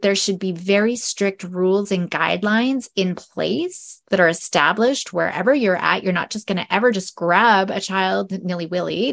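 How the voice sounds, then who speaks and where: A woman hosting a solo educational podcast, talking earnestly and often checking in with "right?", sometimes dropping to a soft whisper. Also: mid-range voice, vocal fry. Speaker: podcast host.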